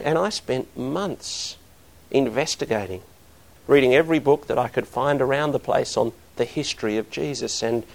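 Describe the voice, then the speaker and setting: A man's voice: medium pitch, vocal fry. A middle-aged man preaching a sermon, earnest and building to emphatic bursts.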